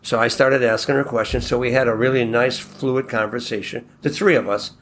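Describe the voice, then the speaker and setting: A man from Buffalo telling a long personal anecdote in a relaxed, rambling way, acting out the quoted dialogue as he goes. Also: mid-range voice, brisk, slight background noise. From Buffalo, New York. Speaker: guest telling a personal story.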